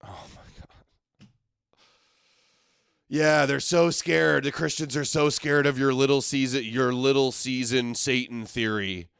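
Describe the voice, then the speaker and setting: A man's voice: medium pitch, steady tone, normal speed, creaky, hardly any pauses, fairly bright tone, clean tone, no echo, studio quality. Sarcastic male livestream host. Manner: sarcastic, exasperated. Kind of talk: live commentary reacting to clips.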